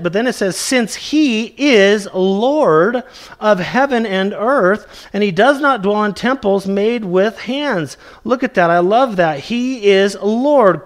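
A male pastor preaching a sermon, slowly and emphatically, stretching out key words for weight. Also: high-pitched.

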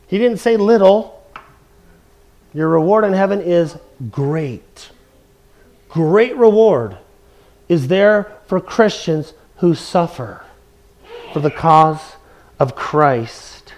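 A man preaching an expository sermon, emphatic, slowing down and stretching key words and repeating phrases for weight. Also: fairly high pitch, animated.

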